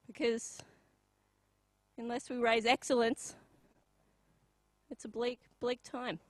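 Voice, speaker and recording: A young Australian woman performing a live comedy bit, deadpan and halting, with many pauses and ums. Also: on the high side, no room sound, low-quality recording.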